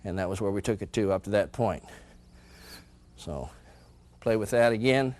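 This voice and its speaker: Low-voiced man coaching martial arts. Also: moderate pace, darkish tone. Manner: calls out moves while performing them; chuckles between counted steps. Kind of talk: demonstrating martial arts moves. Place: indoor training room.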